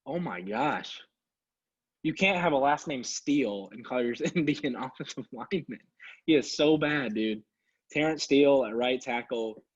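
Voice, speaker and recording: A man's voice: medium pitch, lively intonation, moderate pace, breathy edge. A man co-hosting a sports podcast, ranting in casual talk, sarcastic and exasperated. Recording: dull lo-fi sound.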